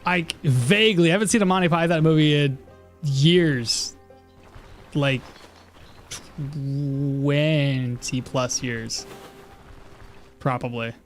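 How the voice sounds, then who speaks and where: A man giving casual, rambling gameplay commentary, chatty and quick to laugh, at a home setup. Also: a little high, soft background music. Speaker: gaming streamer.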